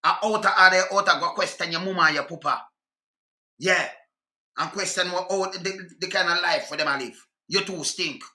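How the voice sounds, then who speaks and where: A man's voice: high-pitched, normal speed, pushed and bright, reverberant. A man with a Jamaican accent in an angry, profane rant reacting to clips. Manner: heated, profane, scolding.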